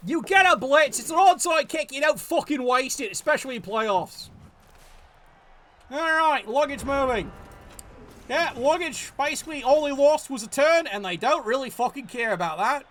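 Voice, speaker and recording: A man's voice: extremely high pitch, animated, moderate pace, fairly bright tone. A man giving live play-by-play commentary on a game, profane and exasperated, scolding the players.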